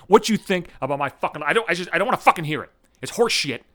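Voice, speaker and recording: Man, podcast host, heated profane rant, stammering restarts, lively swinging pitch, dry close sound. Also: fast, no echo. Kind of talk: solo comedic rant podcast. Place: at home.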